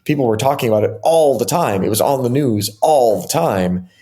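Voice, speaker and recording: A middle-aged man, a software engineer guest in an interview, telling stories casually and animatedly with many fillers and restarts. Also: medium pitch, animated, moderate pace. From United States.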